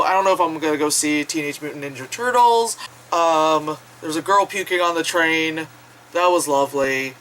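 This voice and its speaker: A woman's voice: low voice, a bit bright, slight background noise, poor audio. A woman chatting casually in a vlog, rambling, swearing freely and laughing often. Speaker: vlogger.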